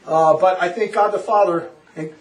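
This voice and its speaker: A man giving a passionate religious lecture to a small group, animated and laughing often as he acts out quotes. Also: high voice, moderate pace, reverberant, recorded from a distance, poor audio. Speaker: religious teacher.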